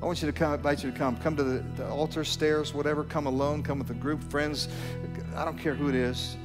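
Earnest pastor in a reverberant church. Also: male voice, on the high side, fairly even intonation, brisk. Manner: earnest, repeats phrases, swells into fervent appeals. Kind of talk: sermon with altar call. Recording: long reverb with faint music.

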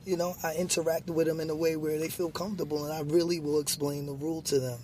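A man's voice: on the high side, little pitch movement, fast talker, a little mellow, a little hiss or hum. A man talking as a guest in a casual conversation, earnest and patient, explaining things with lots of "you know.". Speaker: guest, basketball referee.

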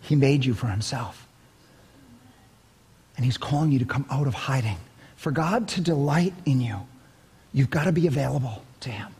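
A man's voice: medium pitch, moderate pace, long pauses, slightly rough. An older man preaching a sermon as pastor, telling stories with emphatic bursts. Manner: animated storytelling, emphatic bursts. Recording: long hall reverb.

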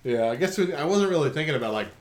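A man's voice: on the high side, lively intonation, racing, over a noisy crowd. A man co-hosting a podcast in casual chat, laughing often as he reads out questions. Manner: giggly, laughs often while reading out questions. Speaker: podcast co-host.

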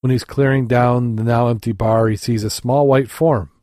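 A man's voice: medium pitch, steady tone, normal speed, dark tone, dry recording, studio quality. A man hosting a show, telling a long joke in a rambling way, correcting himself and laughing at his own slips.

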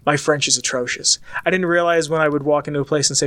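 A chatty young man from the United States rambles through a casual monologue, full of filler words. His voice sits a little high. The recording is dry and close. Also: a little fast, hardly any pauses, a bit bright, no room sound.

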